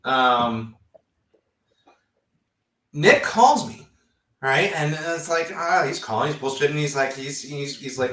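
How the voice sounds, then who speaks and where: Animated man telling stories in a roomy echo. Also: on the high side, slow, long pauses, distant mic. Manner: animated storyteller, swears freely, acts out quotes. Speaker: podcast host. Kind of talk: casual golf chat. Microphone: remote stream mic.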